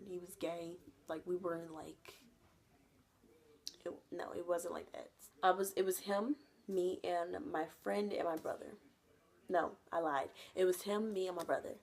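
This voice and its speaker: A young woman telling a casual storytime, chatty, filling nearly every phrase with "like", laughing often and jumping her pitch when she acts out what others said. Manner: acts out quoted people with jumps in pitch. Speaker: vlogger.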